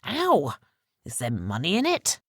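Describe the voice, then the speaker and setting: A man's voice: a little high, wildly swooping pitch, a little slow, slightly rough, dry recording, studio quality, pitched above the performer's own voice, heavily acted. Woman playing a roguish male pirate captain for an audiobook, wry and cheeky.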